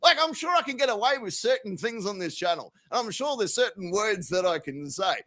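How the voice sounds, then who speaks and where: A man's voice: high voice, expressive, fairly quick, fairly bright tone. An Australian man hosting a live stream, casually chatting with viewers, swearing freely and laughing often. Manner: profane, laughing, joking with chat. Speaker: livestream host. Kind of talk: casual live chat reading comments.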